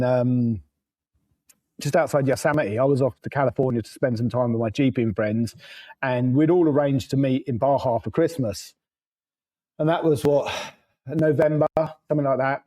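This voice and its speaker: A man's voice: medium pitch, mellow, rough recording. A man, a podcast guest telling road stories in a loose, rambling way, laughing and swearing as he goes. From England. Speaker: podcast guest, motorcycle traveler. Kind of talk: casual storytelling.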